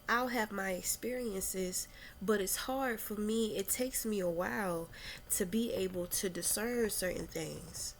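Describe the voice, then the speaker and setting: A young adult woman vlogging candidly about her spiritual struggles, talking in a slow, meandering way with many fillers and restarts, and audibly emotional. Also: medium pitch, a little hiss or hum. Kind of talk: candid personal reflection.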